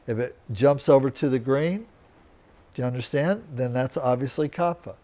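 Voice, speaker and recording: A man's voice: medium pitch, dark tone. A man teaching a live lecture, explaining step by step and often checking that his students understand. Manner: slow, deliberate, checks in with students. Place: teaching center room.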